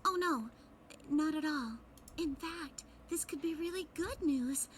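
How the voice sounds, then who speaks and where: An actress voicing an earnest, emotional young woman in a video game, speaking in a halting, tearful, heartfelt way. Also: high-pitched, slight background noise.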